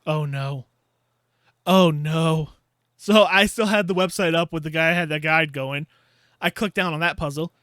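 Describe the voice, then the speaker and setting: A man's voice: fairly high pitch, fairly even intonation, fairly quick, bright, forceful tone, no room sound, studio quality. Exasperated, laughing gaming YouTuber man. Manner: exasperated, laughing storyteller who acts out his own reactions. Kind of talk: casual ranting game review.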